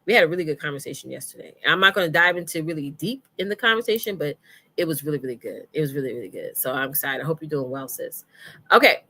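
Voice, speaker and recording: A woman's voice: sits low, fast, sharp tone. A woman hosting a casual live stream on email marketing, chatty and familiar, greeting viewers by name and calling them y'all and sis.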